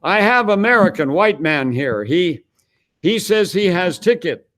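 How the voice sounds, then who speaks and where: Man doing a high insistent radio operator. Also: very animated, a bit bright, heavily acted. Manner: halting broken English, insistent. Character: male village airstrip radio operator, stubborn.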